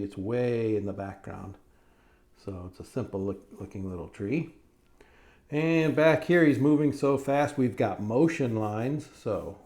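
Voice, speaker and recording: A man's voice: medium pitch, darkish tone. A middle-aged man, a cartoonist, leads a step-by-step drawing lesson for children in a friendly, encouraging way, often checking in with "right?".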